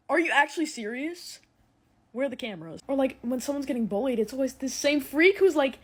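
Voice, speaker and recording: A woman's voice: high voice, animated, normal speed. A young woman delivering a sarcastic comedic rant with exaggerated shifts in tone. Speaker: comedy content creator.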